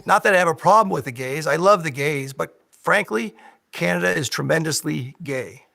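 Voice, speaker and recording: A man's voice: on the high side, animated, moderate pace, creaky, pushed and bright, full character voice. A man impersonating a boastful older male president in a satirical news sketch, rambling in repetitive superlatives.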